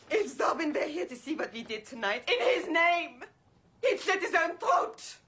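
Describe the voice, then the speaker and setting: A woman's voice: sits high, fairly bright tone. An actress playing a fed-up woman magician's assistant who hurls bitter accusations.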